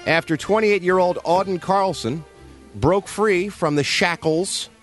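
A man's voice: sits high, measured pace, faint music behind. A man hosting a radio show, reading entertainment news in wry, joking casual banter with frequent laughs.

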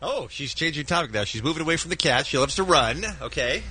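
A man's voice: a little high, fast. A man co-hosting a morning radio show, telling stories with wry jokes in casual banter. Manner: wry, joking, animated storytelling.

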